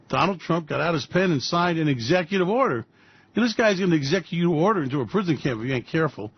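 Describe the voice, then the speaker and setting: A man's voice: high voice, dry recording. A man hosting a radio show, ranting about markets in a profane, sarcastic way. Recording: dull dry lo-fi recording.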